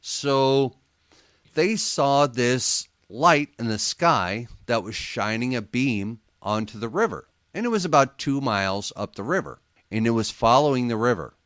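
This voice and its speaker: A man of medium pitch spins a story for a radio interview, his voice rising and falling in a lively, swinging way. He often laughs and mimics other people as he goes, and the studio sound is close and dry. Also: unhurried, no room sound. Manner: animated storyteller, laughs often, acts out quotes. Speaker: paranormal investigator guest.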